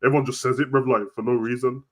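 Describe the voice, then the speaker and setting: A young man chatting casually about football, slangy and animated. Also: medium pitch. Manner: slangy, animated, quick banter. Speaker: football podcast co-host. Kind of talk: casual chat.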